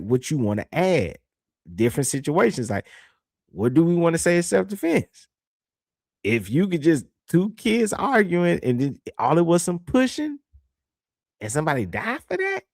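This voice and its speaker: A young man talks straight to his livestream viewers, slangy and animated, hammering his points home by repeating them. His mid-pitched voice carries a gravelly, fry-edged texture. The sound is dry and close, with no room echo. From Southern United States. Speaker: livestream host reading super chats. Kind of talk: casual opinionated commentary.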